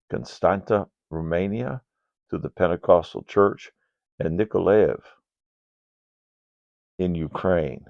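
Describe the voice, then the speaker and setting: Older male ministry leader, deep voice, gravelly, reads an earnest donor report, lo-fi. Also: darkish tone, dry recording. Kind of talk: read-aloud ministry report. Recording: dull, dry lo-fi sound.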